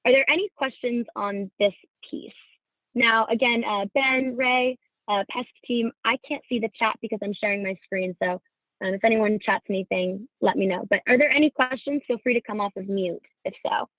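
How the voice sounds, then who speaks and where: Woman, from California, fairly high voice, tinny dry video-call sound, upbeat presenter. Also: normal speed, no room sound. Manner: upbeat, instructive, many fillers. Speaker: career fair presenter. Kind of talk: virtual workshop presentation.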